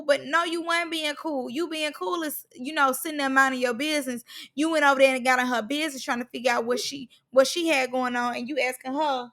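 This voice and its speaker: A woman's voice: high voice, steady tone, normal speed, pushed and bright. A woman recapping a reality show in casual, slangy speech, stressing points by repeating words.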